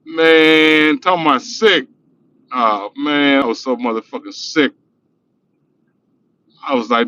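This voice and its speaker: A man's voice: medium pitch, unhurried, long pauses, pushed and bright, muffled recording. A middle-aged man livestreaming from his car, telling loose, profane stories and laughing as he talks. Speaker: livestream host. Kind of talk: casual storytelling livestream. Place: in a car while driving.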